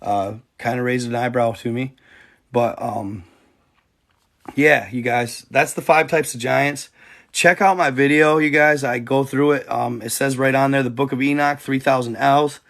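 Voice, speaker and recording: Rambling man with a gravelly voice. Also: mid-range voice, steady tone, unhurried, a bit bright. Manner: rambling, many fillers, addresses viewers as you guys. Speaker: livestream host. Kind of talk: casual livestream chat.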